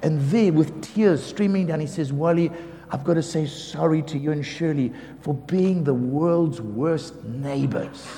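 A man preaching as a pastor, telling lively stories about his neighbours, acting out the quotes and often laughing. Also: fairly high pitch, a little slow, a little hiss or hum. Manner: animated storyteller, acts out quotes, laughs often. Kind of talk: sermon storytelling. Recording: reverberant hall with faint ambience.

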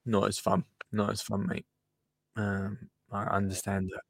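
A man's voice: fairly low pitch, completely flat delivery, a little slow, vocal fry, breathy edge, dry recording, clean studio sound. A man hosting a casual chat, joking around, laughing often and drifting into little rants. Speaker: podcast host.

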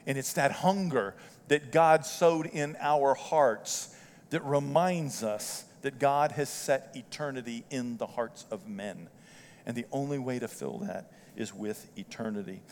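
An older man preaching a sermon as pastor, telling folksy stories with strong emotion that swells loud and high. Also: unhurried, slight background noise. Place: church sanctuary. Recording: church hall reverb.

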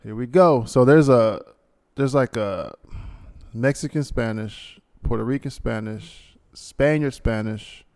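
A man's voice: mid-range voice, slow, a little mellow, no echo, studio quality. A man in his thirties hosting a podcast, talking in a laid-back, rambling, slangy way and laughing often. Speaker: podcast host. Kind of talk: casual chat.

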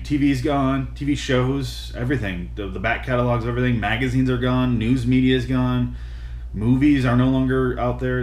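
A man's voice: mid-range voice, a little mellow, a little hiss or hum. A man telling a comic story as a rambling monologue, full of hesitations and swearing. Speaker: comedic vlogger. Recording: roomy echo.

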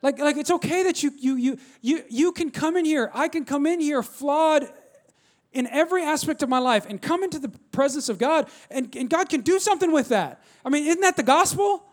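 A man in his thirties preaching a sermon, energetic, repeating phrases and calling on the congregation to respond. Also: fairly quick. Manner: drops low and quiet when telling a story. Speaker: pastor.

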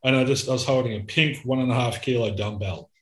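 A man's voice: medium pitch, fast talker, fairly bright tone. Man talking in an echoey room. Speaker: therapist. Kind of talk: casual conversation. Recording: roomy echo.

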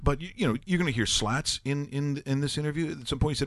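A man's voice: fairly high pitch, quick pace, slight background noise. A man hosting a sports talk show, telling rambling jokey stories in casual banter. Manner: rambling, joking, animated storytelling.

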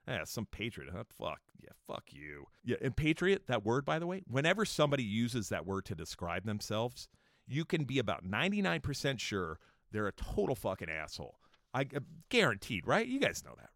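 A man's voice: medium pitch, a bit bright, dry recording, clean studio sound. A man hosting a podcast, ranting angrily with constant swearing and mocking whiny imitations of people he dislikes. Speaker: podcast host. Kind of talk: profane casual podcast rant.

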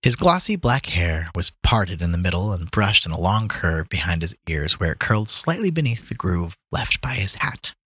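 Lively man reading a story aloud. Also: low voice, moderate pace, few pauses, breathy edge, dry recording. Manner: reads aloud with lively put-on voices for characters, stumbling over words. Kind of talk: casual reading and chat about a book.

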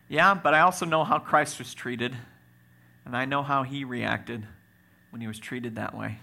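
A man preaching a sermon as pastor, swinging from loud exclaims to quiet asides, with joking moments. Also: medium pitch, moderate pace, creaky.

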